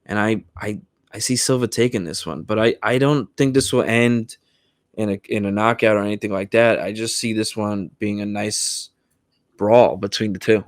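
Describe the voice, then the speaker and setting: A young American man co-hosting a casual sports podcast, talking in a relaxed way with frequent restarts. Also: on the low side, moderate pace, no room sound, studio quality. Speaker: podcast co-host.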